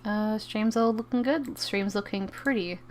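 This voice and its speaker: A young woman streaming a game, chatting casually in an excitable, rambling way, often stammering and repeating herself. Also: mid-range voice, unhurried, slight background noise. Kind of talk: casual live-stream chat while gaming.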